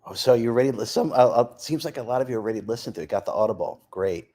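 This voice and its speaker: A man with a mid-range voice hosts a live stream at a racing pace, chatting casually and reading viewer comments aloud. He's lively, reads off places and names, and laughs often.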